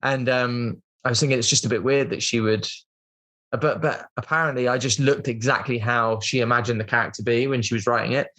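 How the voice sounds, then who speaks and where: A man's voice: medium pitch, steady tone, a little fast, fairly bright tone. Chatty British man telling a long story. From Britain. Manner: rambling, chatty, lots of "like" and "um" fillers. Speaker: guest. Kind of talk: casual storytelling interview.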